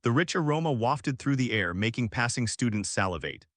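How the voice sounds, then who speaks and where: Narrating fan fiction for an audiobook, a man keeps an even, steady delivery at a fairly quick pace. His pitch sits in the middle, and the recording is dry and close with no room sound.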